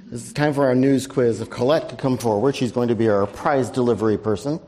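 A man's voice: mid-range voice, fairly quick, mellow. Wry man hosting a live news quiz. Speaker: moderator running a news quiz. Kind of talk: live panel event hosting.

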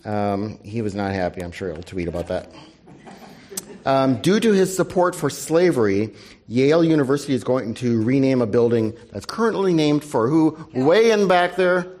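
A man moderating a panel and running a news quiz for an audience, brisk and wry, dropping his voice for asides. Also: medium pitch, big pitch swings, a little mellow. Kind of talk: live panel event hosting.

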